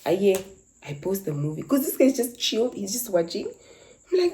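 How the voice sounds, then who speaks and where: A woman's voice: fairly high pitch, big pitch swings, normal speed, warm tone, rough recording. A young woman, animatedly telling a dramatic story from her life in casual chat. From Namibia. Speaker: content creator.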